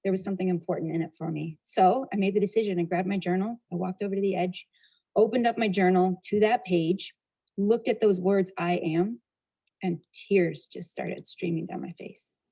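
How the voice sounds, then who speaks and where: A woman giving a motivational talk, telling a personal story with a lively, expressive delivery. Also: lowish voice, normal speed, breathy edge, poor audio. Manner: expressive storyteller, shifting pace and loudness, laughing at herself. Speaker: motivational speaker.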